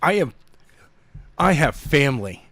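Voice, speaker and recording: New England man, jokey co-host, animated voice, dry close mic. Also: fairly high pitch, unhurried, no echo. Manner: playful, laughs often, jokey defensive. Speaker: podcast co-host and reader. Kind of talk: casual banter.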